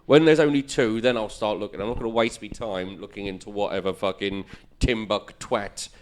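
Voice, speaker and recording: A comedian hosting a political chat show, blunt and profane, ranting about politics. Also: male voice, lowish voice, fairly even intonation, fairly quick, a little hiss or hum. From England. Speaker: comedian and podcast host.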